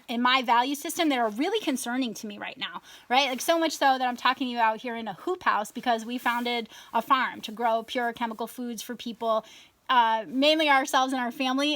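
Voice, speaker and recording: A woman's voice: fairly high pitch, fairly bright tone, no room sound. A woman farmer talking casually to camera from inside a hoop house, chatty and full of asides, acting out her own past thoughts.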